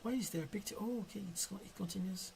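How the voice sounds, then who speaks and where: A man with a French accent chatting casually on a live stream while he draws, soft and careful, stuttering at times. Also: sits high, quick pace, vocal fry, slight background noise. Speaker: digital artist live-streaming.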